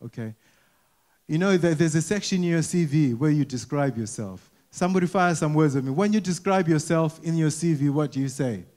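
A man with a fairly high voice preaches to a church congregation in an easy, conversational way. He restarts and repeats words often and keeps asking the people questions. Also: animated, brisk, darkish tone. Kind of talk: conversational sermon. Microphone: wearing a mic.

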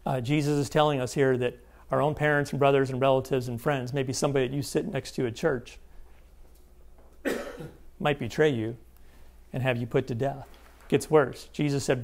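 A man's voice: mid-range voice, darkish tone. A man giving an emphatic Bible teaching seminar, often checking in with his listeners. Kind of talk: sermon-style seminar teaching.

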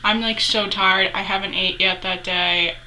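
Young woman, vlogger, bright tone, casual storytelling, filler-heavy, mid pitch. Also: fairly even intonation, measured pace, slight background noise, rough recording. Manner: chatty, heavy use of 'like' fillers.

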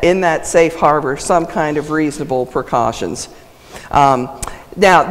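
A woman presenting a legal ethics lecture at a symposium, lively and emphatic, laughing often. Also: fairly low pitch. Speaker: conference speaker on legal ethics. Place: lecture hall. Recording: reverberant hall sound.

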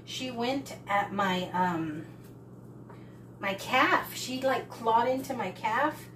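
Speaking slowly in a slightly high, fairly bright voice, a woman vlogs from her backyard for viewers while soothing a cat giving birth. Cats meow in the background, and the low-quality recording has a bit of hiss or hum.

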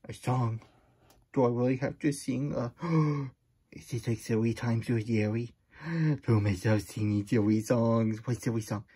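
A man's voice: medium pitch, a little slow, dark tone, husky. A man voicing a childlike, curious male hedgehog who reads a children's storybook aloud, using baby-talk grammar and little gasps. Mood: reluctant. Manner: baby-talk grammar, gasping, playful protests. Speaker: storybook reader. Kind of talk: children's read-aloud with character voice.

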